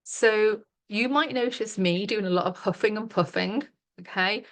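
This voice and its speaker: A woman's voice: medium pitch, normal speed, fairly bright tone. A middle-aged woman, leading a live online workshop as a coach in a chatty, giggly way full of fillers, over a webcam mic.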